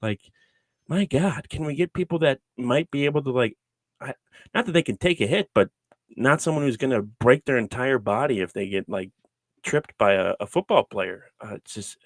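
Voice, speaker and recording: A man's voice: medium pitch, expressive, moderate pace, dry recording. A man co-hosting a casual sports podcast, ranting in an exasperated way. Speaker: podcast co-host.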